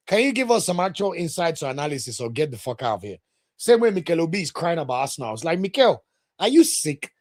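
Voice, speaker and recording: A Nigerian man hosting a football podcast, talking casually, opinionated and ranting with sudden loud exclamations. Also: a little high, sing-song, fast talker, no echo, studio quality. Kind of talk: casual solo football commentary.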